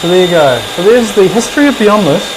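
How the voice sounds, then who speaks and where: A woman's voice: mid-range voice, animated, quick pace, background noise. A woman with a New Zealand accent, co-hosting and reading out viewer comments in an easygoing, hesitant way. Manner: easygoing, hesitant, full of ums. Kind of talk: casual chat.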